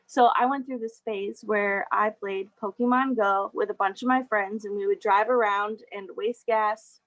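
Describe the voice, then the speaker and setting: A woman's voice: fairly high pitch, fairly bright tone, dull audio. Chatty young woman giving a talk. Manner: chatty, laughs often, many fillers. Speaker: guest speaker. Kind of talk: casual presentation over a video call.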